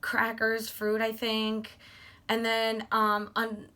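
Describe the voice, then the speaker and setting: This young female vlogger tells her story at a slow pace, her pitch fairly high. Excited and gushing, she plays out what she and her friends said in casual fashion.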